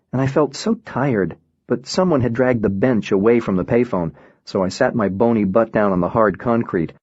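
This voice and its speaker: A man reading a first-person novel aloud in an even, reflective way. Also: lowish voice, no echo. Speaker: audiobook narrator. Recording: dull, dry lo-fi recording.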